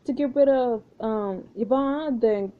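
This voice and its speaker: A woman's voice: on the high side, slow, narrow, tinny audio. A woman voicing a swaggering, confident French pirate woman with a put-on French accent. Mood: scheming. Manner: theatrical, sly and confident.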